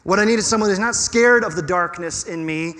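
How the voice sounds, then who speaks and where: A pastor preaching a sermon in an animated, conversational way with touches of humor. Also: male voice, sits high, fairly quick, big-room sound.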